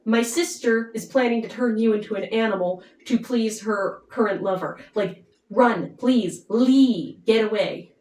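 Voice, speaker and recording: A woman's voice: a little high, a little slow, darkish tone, lightly acted. Urgent anxious sorceress, as a woman voices her. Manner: urgent, warning. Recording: roomy, distant mic.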